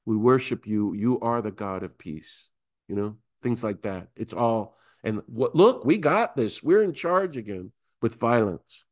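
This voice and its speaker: Animated male priest teaching scripture. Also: measured pace. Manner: animated, acts out disciples in high voices. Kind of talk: Bible teaching talk.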